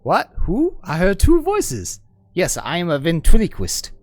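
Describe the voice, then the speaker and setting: A man's voice: high voice, huge pitch swings, measured pace, no room sound. A man streaming a game, reading its story aloud and joking about his own voices in a chatty, self-mocking way.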